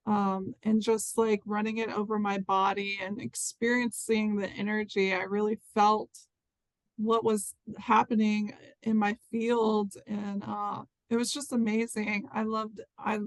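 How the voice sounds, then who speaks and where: Flat-voiced earnest woman, dry sound. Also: medium pitch, dry recording, rough recording. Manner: earnest, halting, full of fillers. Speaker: interview participant. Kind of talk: casual personal testimony.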